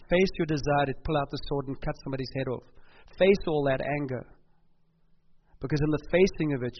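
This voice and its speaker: A middle-aged man, a pastor from South Africa, preaching a sermon earnestly and building to emphatic passages. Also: mid-range voice. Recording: slightly dull recording with faint noise.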